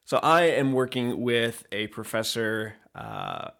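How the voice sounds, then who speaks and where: A man's voice: medium pitch, wildly swooping pitch, slow pace, gravelly, a bit bright. A man co-hosting a podcast, chatting casually with dry teasing humor and explaining his work at length. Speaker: podcast co-host. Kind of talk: casual chat.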